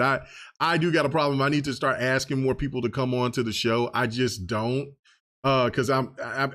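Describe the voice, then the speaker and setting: A man's voice: medium pitch, fairly bright tone. A man hosting a gaming podcast in loose, rambling casual chat, full of filler phrases. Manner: loose and rambling, full of "you know what I'm saying". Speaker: podcast host.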